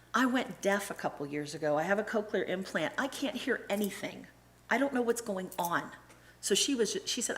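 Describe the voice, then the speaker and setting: A middle-aged woman giving a casual, animated church talk, acting out the voices of people she quotes and often restarting her sentences. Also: mid-range voice. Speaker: church presenter and Sunday school teacher.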